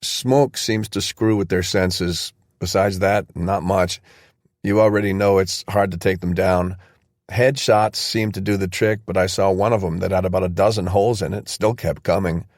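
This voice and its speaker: A man voices a battle-worn soldier in a very low, steady voice. He sounds measured and understated, recorded close and dry. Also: dry recording, lightly acted. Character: battle-worn male soldier, calm team leader.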